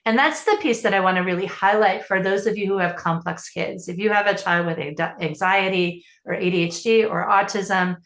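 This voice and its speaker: A woman's voice: medium pitch, a little fast, few pauses, a bit bright, reverberant. A woman parenting coach answering interview questions in an earnest, explanatory way, often restarting her sentences.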